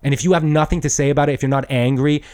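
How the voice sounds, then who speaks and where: A man in his thirties, a podcast host, delivering an angry, profane solo rant with shouted bursts. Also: on the high side, steady tone, racing, clean tone. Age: 30s.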